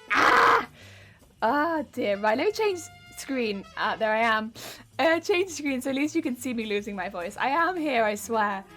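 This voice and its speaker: Croaky woman streaming crafts, voice keeps cracking, bit high, faint music behind. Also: big pitch swings, a little slow, sharp tone. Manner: wheezy, cracking voice, chatty and self-mocking. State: hoarse, losing her voice. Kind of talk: casual live-stream chat.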